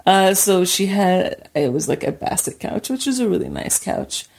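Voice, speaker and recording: A woman co-hosting a podcast in casual chat, animated and laughing often, her voice jumping up when she gets excited. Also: medium pitch, normal speed, vocal fry. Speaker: podcast co-host.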